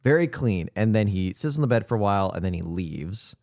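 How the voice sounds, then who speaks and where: A man's voice: lowish voice, expressive, fairly quick, gravelly, a little mellow, no echo, clean studio sound. A man co-hosting a podcast, casually retelling film scenes with lots of filler words. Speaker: podcast co-host. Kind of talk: casual film recap chat.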